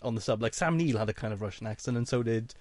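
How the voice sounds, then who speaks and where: A man's voice: mid-range voice, fast talker, darkish tone, no echo. Male co-host, dry close-miked, emphatic and opinionated. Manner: opinionated, emphatic complaints with a laugh in the voice. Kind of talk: casual chat.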